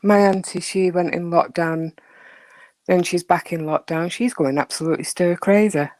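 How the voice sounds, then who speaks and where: A woman's voice: fairly low pitch, darkish tone, dry recording. A woman hosting a casual live chat with her viewers, teasing and chatty as she answers them. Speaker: livestream host chatting with viewers.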